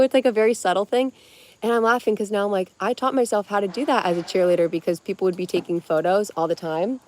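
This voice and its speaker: A woman's voice: lowish voice, slight background noise. A young woman live streaming in casual, rambling chat, dry-lipped and just woken up, talking in loose restarts. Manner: chatty and rambling, many "like"s and restarts.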